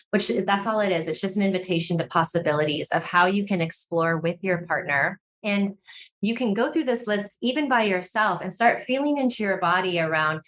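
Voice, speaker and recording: A woman speaking as a podcast guest, expressive and animated, with lots of "like" fillers. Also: medium pitch. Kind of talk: conversational podcast interview.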